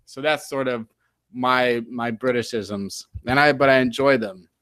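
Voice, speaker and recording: A man's voice: medium pitch, a little slow, fairly bright tone, clean tone, dry recording. An American man hosting a casual sports podcast, rambling and full of fillers. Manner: rambling, filler-heavy, fond of mock British slang. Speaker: podcast host.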